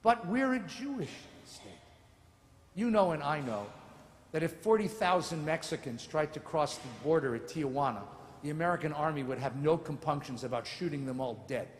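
A man's voice: a little high, normal speed, slight background noise. A man, a rabbi, giving a lecture in a large synagogue sanctuary, telling stories with wry asides. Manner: animated, sardonic storytelling with mock voices. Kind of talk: lecture with humor. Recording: echoey sanctuary with long reverb.

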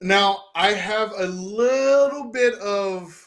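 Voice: mid-range voice, slow pace. A contestant from Missouri, playing a trivia game with playful, confident banter. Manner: playful and confident, lively intonation. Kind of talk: casual game show banter.

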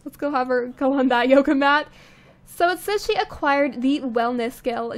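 A chatty young woman with a high voice hosts a let's play, giving laid-back commentary on her gameplay as she thinks out loud and laughs softly and often. She's captured with a studio condenser microphone.

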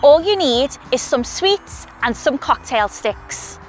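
A woman with a Scouse accent, a scientist explaining science to primary school children in a cheerful, clear way. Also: high-pitched, animated, slow pace, soft background music. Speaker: scientist presenting a kids' science video. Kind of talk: educational talk to children.

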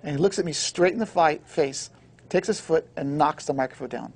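Husky, fast-talking man telling a story. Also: on the high side. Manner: fast, excitable, acts out the dialogue. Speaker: guest recording engineer. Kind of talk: animated storytelling.

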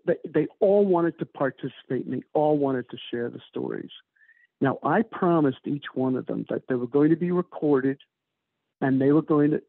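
A man's voice: medium pitch, vocal fry, husky, no echo. A man, the author of a book, telling stories in an interview in a loose, rambling way with many fillers. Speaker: author, guest. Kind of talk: conversational interview storytelling. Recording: tinny phone-like remote call.

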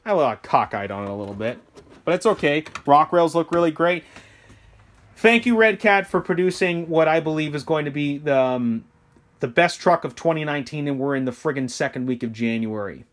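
A chatty man with a fairly high voice talks his way through a casual hobby product review. He rambles, pokes fun at himself and keeps asking the listener "okay?" as he goes. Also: sing-song, moderate pace, fairly bright tone. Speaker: hobby shop owner reviewing RC trucks.

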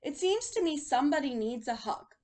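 A woman's voice: high-pitched, animated, a little fast, darkish tone, pitched above the performer's own voice. A woman voicing an easygoing male cowboy in a storybook read-aloud, speaking wryly and without hurry.

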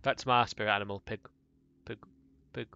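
A young man streaming a game with loud outbursts, swearing and snatches of sung pop songs. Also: fairly low pitch, steady tone, normal speed, vocal fry, clean tone, muffled recording. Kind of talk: casual gaming livestream chatter.

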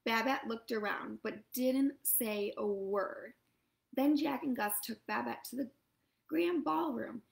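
A woman reading a storybook aloud to children, lively and expressive. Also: on the high side, slow, gravelly, rough recording.

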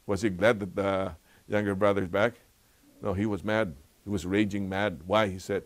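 A man's voice: on the low side, fairly even intonation, normal speed. A man teaching a Bible lesson in a conversational way, asking rhetorical questions and laughing often. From Philippines. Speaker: Sabbath school teacher.

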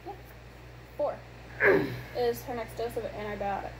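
A young mother talks through the day's plans in a brisk, matter-of-fact way, her voice a little high. She is picked up from across a roomy space, with a clear hiss behind her. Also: distant mic. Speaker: mother, vlogger's wife. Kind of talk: casual talk at home. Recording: roomy sound from off-mic, audible hiss.

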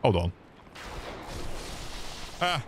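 A man's voice: extremely slow, slight background noise. Sweary British man streaming a game. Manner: sweary, excitable, chats with viewers. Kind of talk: live gameplay commentary.

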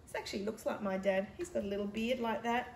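A woman reading her own picture book aloud to children in a gentle, explaining manner. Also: a little high, steady tone, fast, gravelly, echoey room, slight background noise. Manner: gentle, explaining to young kids. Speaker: teacher.

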